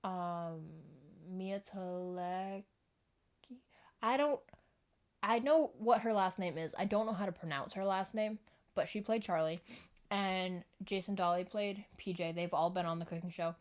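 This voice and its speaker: A woman's voice: lowish voice, unhurried. A young woman vlogging to camera at home into a microphone, rambling casually, giggling and often apologizing. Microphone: external microphone.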